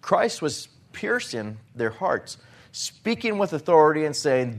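A man's voice: a little high, sing-song, unhurried. Earnest male preacher giving a sermon. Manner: earnest, rising to emphatic when quoting scripture.

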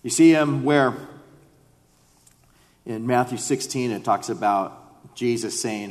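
A man's voice: mid-range voice, takes it slowly, long pauses, darkish tone. A man preaching a sermon and reading scripture, earnest, acting out quoted lines with rising emphasis. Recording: long reverb of a large hall.

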